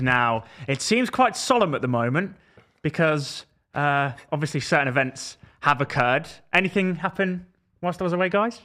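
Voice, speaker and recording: A man's voice: a little high, animated, normal speed, bright, forceful tone. A man co-hosting a podcast in casual chat, playful and teasing, laughing often. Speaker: podcast co-host.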